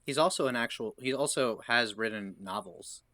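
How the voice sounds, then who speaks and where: A man's voice: mid-range voice, moderate pace, no echo. A man co-hosting a podcast, talking casually about horror films and acting out scenes as he describes them. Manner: animated, quotes scenes in voices. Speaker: podcast co-host. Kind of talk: casual film discussion.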